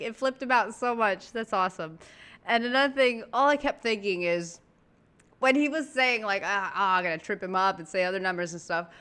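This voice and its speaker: A woman in casual chat, telling a story in an animated, slangy way as she reacts to a comedy clip. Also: medium pitch, clear, resonant tone. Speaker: reaction video host.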